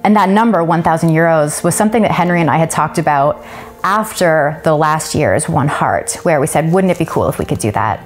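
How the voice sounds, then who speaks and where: A woman's voice: low-pitched, expressive, a little fast, soft background music. A woman, telling a personal testimony in an earnest, emotional way. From Canada. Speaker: church member giving a testimony.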